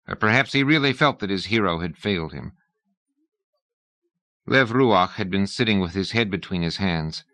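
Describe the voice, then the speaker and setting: Low-voiced male audiobook narrator. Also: normal speed, pauses often, bright, forceful tone, no room sound. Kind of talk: scripted narration.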